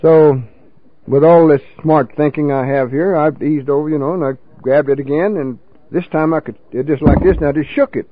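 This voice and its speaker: A man's voice: a little high, fairly even intonation, moderate pace, phone-quality sound. An older man telling a folksy, salty story of his drinking days to a recovery meeting, peppering it with "you know.".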